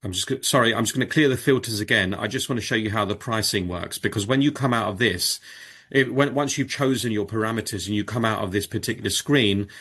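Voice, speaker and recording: A man casually presenting on a video call, demonstrating software and thinking aloud, with frequent fillers and restarts. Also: fairly low pitch, quick pace, husky. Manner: informal, with many fillers and restarts. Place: home or office on a video call. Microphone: video call microphone.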